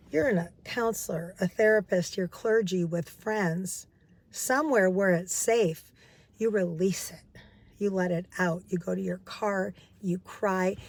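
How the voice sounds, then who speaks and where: A woman's voice: on the low side, darkish tone. Earnest woman recovery coach. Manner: earnest, repeats phrases for emphasis. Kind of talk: casual advice talk.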